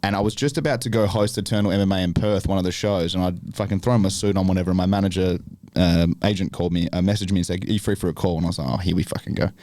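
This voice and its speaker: Young Australian actor as a podcast guest, low voice, dry sound, loose and profane storyteller. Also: male voice, racing, no room sound. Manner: swears freely, acts out the other voices in his stories; restless and animated when he retells the big moments. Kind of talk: casual storytelling chat.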